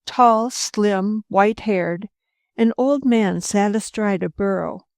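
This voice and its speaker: A woman narrating an audiobook in a calm, measured reading voice, close to the mic. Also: medium pitch, gravelly, dry recording. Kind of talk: scripted narration.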